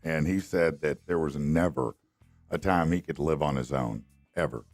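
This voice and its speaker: Male morning-show host, very low voice, upbeat and loose, studio mic with faint music under him. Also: darkish tone, dry recording. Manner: upbeat, loose, drawn-out fillers. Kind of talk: casual morning show chat.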